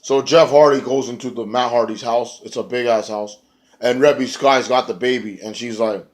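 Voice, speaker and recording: A man's voice: mid-range voice, moderate pace. Rambling, profane man recapping wrestling. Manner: rambling and profane, acts out quotes. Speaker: wrestling show reviewer. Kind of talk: casual recap rant.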